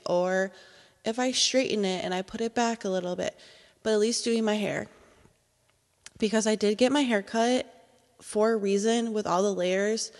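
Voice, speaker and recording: A woman in her thirties hosting a casual solo podcast from home, talking in a chatty, heartfelt way that turns excited and emotional. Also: medium pitch, big-room sound. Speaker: podcast host. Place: at home, indoors.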